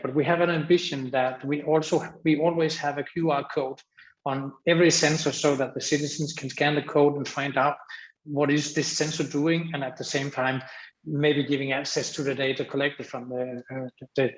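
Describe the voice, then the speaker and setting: Man, from Denmark, panel speaker, slightly high voice, echoey room, rambling, many restarts. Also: little pitch movement, normal speed. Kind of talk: panel discussion answer.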